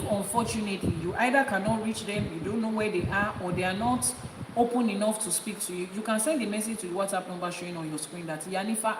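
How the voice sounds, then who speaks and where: A woman's voice: medium pitch, distant mic. Emphatic Nigerian woman teaching in echoey hall. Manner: emphatic, repeats key points for stress. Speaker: Ifa priestess and teacher. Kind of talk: spiritual teaching talk. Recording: echoey hall with background noise.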